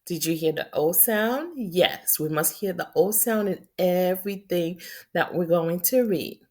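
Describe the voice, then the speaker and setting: A middle-aged Haitian woman teaching young children phonics, sounding out letters and words slowly and clearly. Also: lowish voice, darkish tone.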